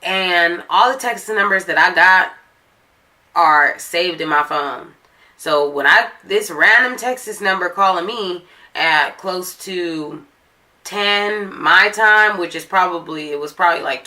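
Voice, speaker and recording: A woman's voice: fairly low pitch, slow pace, bright, forceful tone. A woman vlogger chatting through a personal story in a casual, blunt, profane way.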